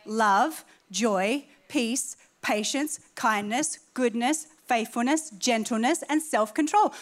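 High-pitched Australian woman preaching emphatically. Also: a little slow, few pauses. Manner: emphatic, animated preaching with rising peaks. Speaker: pastor. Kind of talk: sermon.

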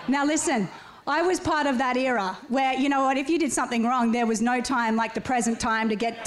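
A woman from Australia, telling stories in casual chat and often laughing as she talks. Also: high voice. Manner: animated storyteller, laughs often, acts out voices.

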